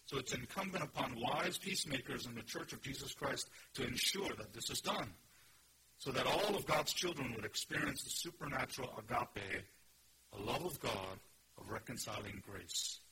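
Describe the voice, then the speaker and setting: A man's voice: mid-range voice, moderate pace, sharp tone, a little hiss or hum, low-quality recording. A man preaching a sermon, teaching earnestly and emphatically and asking his listeners questions. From Korea. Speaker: pastor. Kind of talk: expository sermon.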